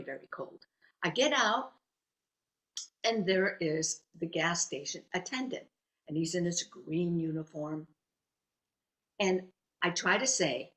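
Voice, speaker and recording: Animated woman storyteller. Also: medium pitch. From United States. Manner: animated, dramatic, acts out quotes. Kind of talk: live storytelling performance. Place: live storytelling event.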